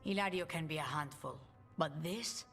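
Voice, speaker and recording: Calm, low noble matriarch. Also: female voice, normal speed, vocal fry, faint music behind. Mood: reassuring. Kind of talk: video game dialogue.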